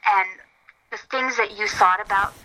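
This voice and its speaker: A woman's voice: medium pitch, normal speed, poor audio. A woman with a light, youthful voice, telling stories earnestly in a casual interview over a video call. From Minnesota. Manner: earnest, animated storytelling with frequent laughs. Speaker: interview guest, filmmaker and actress.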